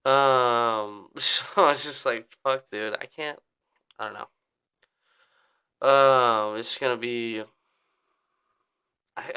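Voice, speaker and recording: A man's voice: medium pitch, gravelly, pushed and bright, clean tone. A young man hosting a podcast, rambling and venting in a downbeat casual rant, swearing often and saying "like" constantly. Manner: rambling, swears a lot, full of "like". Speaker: podcast host.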